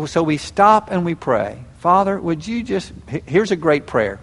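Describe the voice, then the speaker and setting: Older preacher with a lively pitch. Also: male voice, moderate pace, few pauses, in a large hall. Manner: animated storytelling, acting out prayers and quotes. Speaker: pastor. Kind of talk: sermon.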